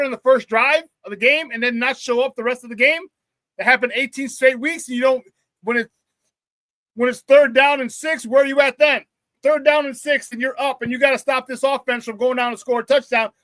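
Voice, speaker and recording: A man's voice: very high-pitched, steady tone, brisk, a bit bright, no room sound. A man hosting a live sports talk stream, reading chat comments and ranting bluntly, often laughing at his own jokes. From Chicago area.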